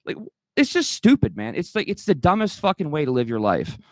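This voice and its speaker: A man's voice: a little high, huge pitch swings, a little fast, no echo. A man ranting heatedly as a livestream guest, swearing a lot and restarting his sentences. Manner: profane, agitated, rambling with many restarts.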